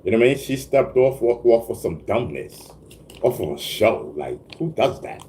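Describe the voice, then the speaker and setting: A warm, sing-song, mid-range voice at a moderate pace comes from a man hosting a relaxed livestream, with slight background noise. He answers chat with stammered restarts and plenty of laughter, often asking "you know what I mean."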